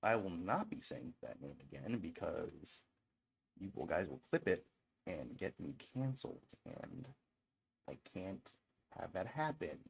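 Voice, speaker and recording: A man's voice: low-pitched, big pitch swings, a little slow, creaky, husky. A man chatting casually on a live stream as he reviews songs, rambling and cracking crude jokes. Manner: rambling, joking, profane.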